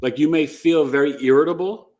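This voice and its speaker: Animated joking male astrologer. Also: fairly high pitch, brisk. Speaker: astrology livestream host. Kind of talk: casual live-stream chat.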